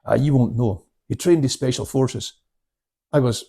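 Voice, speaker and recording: An older man, a karate instructor, casually telling anecdotes and acting out both sides of the dialogue in sudden loud bursts. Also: medium pitch, animated, normal speed, gravelly, slightly rough. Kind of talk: casual storytelling chat.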